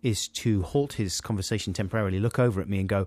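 A man telling a funny story as a podcast host, animated and playing out characters. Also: lowish voice, fast talker, no echo. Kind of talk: comic storytelling.

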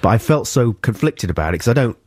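A man's voice: mid-range voice, big pitch swings, fast, a little mellow, no room sound, clean studio sound. A man, co-hosting a radio show and telling rambling, self-mocking stories full of playful impressions. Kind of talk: casual radio chat. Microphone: studio microphone.

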